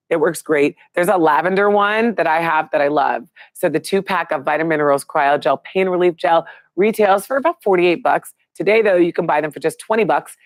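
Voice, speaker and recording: A woman's voice: on the low side, no echo. A middle-aged woman hosting a live online show, chatting casually and upbeat with viewers and reading out their names.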